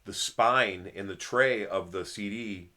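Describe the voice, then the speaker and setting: Bright-voiced man in casual band chat. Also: lowish voice, slow. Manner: rambling, filler-heavy. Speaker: band member and co-host.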